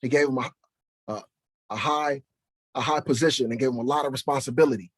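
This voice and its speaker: A man's voice: medium pitch, brisk, husky, no room sound. A man preaching and teaching from the Bible, who fires rhetorical questions at his listeners and keeps checking in with "right?". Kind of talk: preaching to camera.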